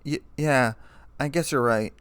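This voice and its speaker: A man's voice: medium pitch, measured pace, fairly bright tone, clean tone, no echo, natural voice. A man doing a brash tomboy pegasus mare. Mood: ashamed.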